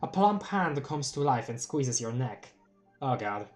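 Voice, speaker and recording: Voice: mid-range voice, a little slow, soft background music. Polish-accented streamer reading a comic aloud. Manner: expressive, reads captions aloud then reacts with laughs and exclamations. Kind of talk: live read-along with reactions.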